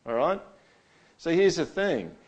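Casual male pastor, middle-aged, preaches like a chat, punchy emphasis then drops low. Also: very animated, a little slow, lo-fi sound. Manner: conversational, keeps asking "all right?", voice swings loud and soft. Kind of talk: sermon.

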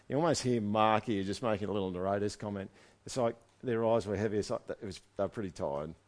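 A man preaching a sermon, reading scripture aloud and breaking off into lively, conversational comments for his congregation. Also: lowish voice, quick pace. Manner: animated, conversational, swings from loud asides to quiet reading. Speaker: pastor.

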